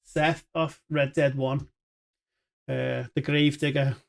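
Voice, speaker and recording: A man's voice: mid-range voice, flat delivery, slow pace, gravelly. A man giving chatty, rambling live commentary on a game he is playing, with jokey asides. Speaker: streamer.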